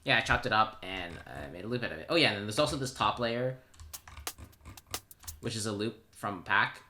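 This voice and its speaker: A man's voice: lowish voice, a little fast, background noise. A man explaining how he made his own song in a casual tutorial, offhand and self-deprecating, pointing things out as he goes. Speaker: music producer explaining his track. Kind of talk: casual screen-recorded tutorial. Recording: music playing loudly under the voice. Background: his own track playing, keyboard typing.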